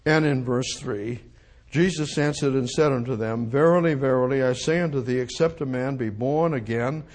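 A man preaching an expository sermon, emphatic, repeating phrases and swinging from loud declarations to quiet asides. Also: medium pitch, moderate pace.

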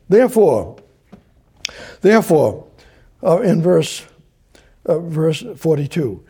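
A man's voice: on the high side, expressive, takes it slowly, creaky, long pauses, mellow, breathy edge. An older man teaching verse by verse from the Bible, rambling and repeating himself as he paraphrases scripture. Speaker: preacher.

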